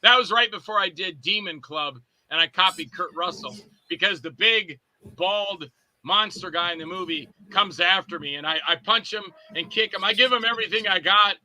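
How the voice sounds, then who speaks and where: A man's voice: high voice, normal speed, bright, forceful tone, poor audio. A man guesting on a podcast, a filmmaker telling rambling anecdotes about his movies and acting out scenes in character voices. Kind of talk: casual anecdotes.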